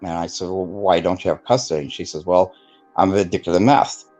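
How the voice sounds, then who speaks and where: Rambling low-voiced man telling a story. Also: steady tone, a little fast, darkish tone, faint music behind. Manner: rambling, filler-heavy, acts out quoted voices. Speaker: guest telling his testimony. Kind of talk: casual storytelling interview.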